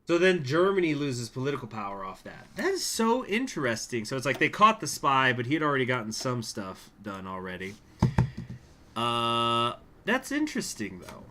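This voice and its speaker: A man's voice: mid-range voice, big pitch swings, normal speed, bright, forceful tone, slight background noise. A man hosting a strategy game playthrough, mumbling asides and reading the game's event text aloud in a casual way. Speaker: gaming channel host.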